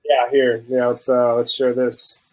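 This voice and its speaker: A man guest on a chat show, telling a story in a casual, animated way and acting out the quoted people. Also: medium pitch, measured pace, rough recording. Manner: animated, acts out both sides of quoted dialogue. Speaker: guest food reviewer.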